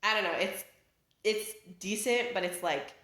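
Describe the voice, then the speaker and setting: A young woman vlogging from home talks a little slowly, her medium-pitched voice fairly bright. Her casual rant wanders, heavy with fillers and restarts as she interrupts herself, and the room is echoey.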